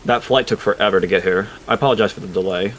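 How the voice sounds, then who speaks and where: A man's voice: fairly low pitch, racing, fairly bright tone, a little hiss or hum, natural voice. A man voicing a red-haired, bearded boss character in a tabletop game, speaking plainly in his own voice without an accent. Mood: polite. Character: Lou, a red-haired bearded Irish boss, calm host.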